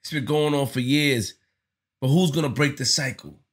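A man's voice: mid-range voice, moderate pace, breathy edge. A man giving casual spoken commentary on his channel, earnest and slangy, often repeating himself as he talks it through. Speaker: vlogger.

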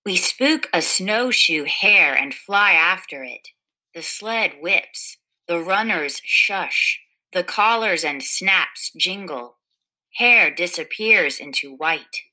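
A woman reads a children's picture book aloud, taking her time over every phrase. Her voice is bright and forward, and she tells the story gently, lifting the quoted lines so they stand out. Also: on the low side, expressive, slow, rough recording. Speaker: storybook reader.

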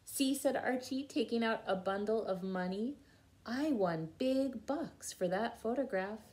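A woman's voice: a little high, measured pace, a little mellow, close to an everyday voice. A woman doing an upbeat grown man photographer. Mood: proud. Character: cheerful proud male photographer.

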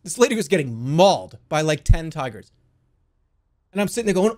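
A young man telling a wild story to his stream in a casual, animated way, swearing freely. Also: a little high, fairly quick. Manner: animated, swears a lot, yells in the quoted bits.

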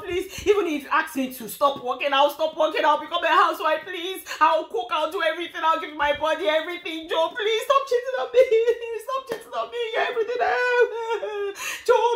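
A woman playing a desperate wife who sobs, pleads and shouts at her husband. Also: very high-pitched. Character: desperate begging wife, sobbing. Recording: echoey room.

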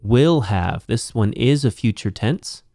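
Slow, deep-voiced man teaching Greek grammar. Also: lively intonation, creaky, warm tone, no room sound, studio quality. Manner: slow, methodical explaining. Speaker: Bible teacher.

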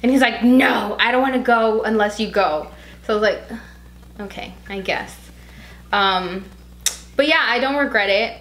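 A woman co-hosting a podcast in a casual chat, talking freely with lots of "like", emotional and quick to tear up. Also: on the high side, fairly bright tone, reverberant, low-quality recording. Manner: chatty, heavy use of "like"; emotional, easily tearful. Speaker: podcast co-host.

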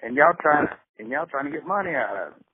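A man's voice: fairly high pitch, expressive, quick pace, natural voice. Man putting on a blustering Mississippi caller. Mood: indignant. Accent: Southern US, Mississippi. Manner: blustering, cussing, rambling. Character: irate middle-aged Mississippi man, stubborn and rambling. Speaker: prank caller. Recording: tinny phone line with faint hiss.

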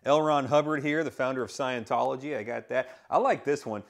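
A man's voice: mid-range voice, brisk, gravelly. A man, a pastor, casually showing his book collection, rambling with fillers and enthusiastic asides. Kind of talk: casual show-and-tell of his bookshelf.

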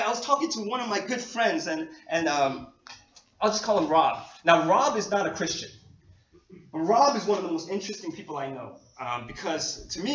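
High-voiced pastor preaching in an echoey hall. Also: male voice. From New York. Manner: animated, self-deprecating, laughing often. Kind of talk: conversational sermon. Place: church hall. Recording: echoey dull lo-fi hall recording.

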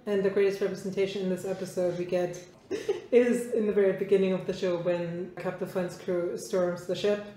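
A woman's voice: medium pitch, steady tone, normal speed, warm tone. A woman co-hosting a podcast in casual chat, chatty and laughing often. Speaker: podcast co-host. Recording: echoey room.

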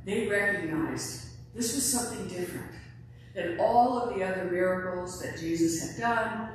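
A woman preaching a sermon in a relaxed, conversational way, now and then acting out quoted lines. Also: lowish voice, normal speed, a little hiss or hum. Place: large echoey church. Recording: echoey church from far off.

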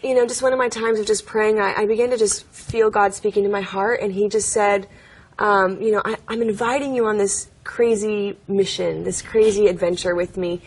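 A woman's voice: mid-range voice, steady tone, normal speed, husky. A young adult woman, an interview guest, telling personal stories in an earnest, chatty way, with many fillers and frequent laughs. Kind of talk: interview storytelling.

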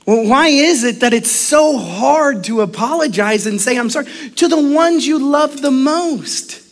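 A middle-aged man preaching a sermon as pastor, animated, acting out quotes and laughing often. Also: very high voice, unhurried.

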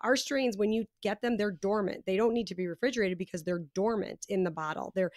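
A woman from the United States, a guest on a podcast, explaining her company's product in an animated, talkative way with plenty of fillers. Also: mid-range voice, fairly quick, no room sound, clean studio sound. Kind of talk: casual interview chat.

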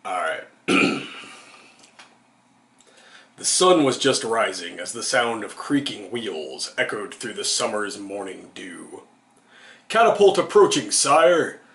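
A man's voice: on the low side, a bit bright. A man reading an absurd comic story aloud, amused and giggling through it. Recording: roomy echo.

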